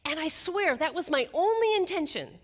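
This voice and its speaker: A woman's voice: very high voice, animated, normal speed, a little hiss or hum. A woman giving a motivational keynote speech, telling a playful story to an audience.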